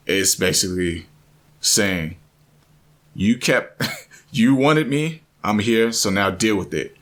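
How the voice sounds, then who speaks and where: A man vlogging a personal story, earnest and animated, often restarting and repeating himself. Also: sits low.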